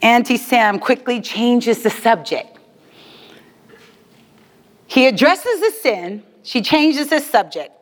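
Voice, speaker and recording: A woman with a high voice preaches a sermon with animated emphasis, often repeating her key lines for weight. Her voice carries a long reverb, as in a large church. The delivery is lively and punchy. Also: takes it slowly, pauses often.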